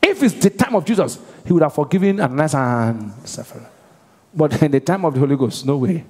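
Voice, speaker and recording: A man preaching a sermon as pastor, with call-and-response questions to the congregation and bursts of shouted prayer. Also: on the high side, animated, fairly quick. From Nigeria. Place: large church hall. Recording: live church hall reverb.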